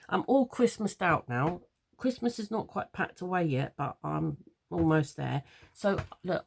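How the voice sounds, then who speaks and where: An English woman with a chatty, rambling way of talking, giving a casual craft tutorial from her craft room at home. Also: sits low. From London. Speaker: papercraft tutor.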